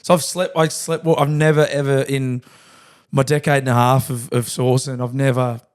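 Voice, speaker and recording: A man's voice: medium pitch, little pitch movement, normal speed, clean tone. A young Australian man telling a long story on a podcast, swearing freely and acting out the voices of the people in it. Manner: laddish, swears a lot, acts out quoted lines. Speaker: podcast co-host. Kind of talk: casual storytelling chat.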